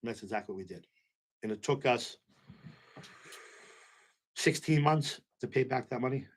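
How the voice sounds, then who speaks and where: A man's voice: mid-range voice, normal speed, breathy edge. Middle-aged man, nightclub owner guest, chatty storyteller who does the voices in his anecdotes. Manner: animated storyteller, acts out quotes, repeats "you know what I'm saying". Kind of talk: casual storytelling interview.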